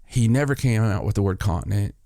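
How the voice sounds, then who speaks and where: A man's voice: lowish voice, animated, fairly quick, warm tone, no room sound, studio quality. A man hosting a podcast, casually telling a story and acting out both sides of an argument. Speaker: podcast host.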